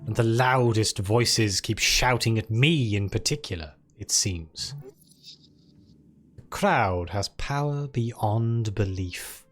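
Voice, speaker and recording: A man voicing a composed, weary middle-aged male politician and coin lord in a video game, speaking in a slow, measured way. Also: on the low side, soft background music.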